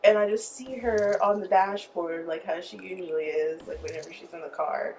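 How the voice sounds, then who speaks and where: A woman's voice: fairly low pitch, fairly even intonation, normal speed, a little mellow, slight background noise. Rambling young woman, distant mic. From Arizona. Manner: rambling, many fillers, emotional retelling. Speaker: streamer telling a story. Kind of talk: casual storytelling while gaming.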